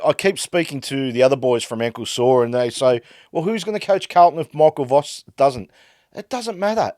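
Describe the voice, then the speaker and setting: An Australian man hosting a podcast, delivering an exasperated fan rant that swings between loud outbursts and muttered frustration. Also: a little high, no room sound, clean studio sound. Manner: fired-up, exasperated ranting that swings loud and quiet. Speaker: podcast host. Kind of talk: ranting fan commentary.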